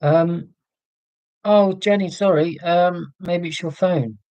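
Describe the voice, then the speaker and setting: With a high, slightly mellow voice and a slow delivery, this Englishman hosts a casual livestream in received pronunciation. He chats away, reading and answering live chat through frequent ums, on a computer mic with poor audio and no room sound.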